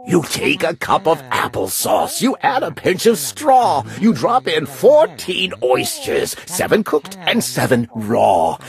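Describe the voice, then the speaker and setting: A woman's voice: on the low side, gravelly, heavily acted. A woman voicing a greenish, smug male glunk creature who sweet-talks and jabbers in a storybook reading.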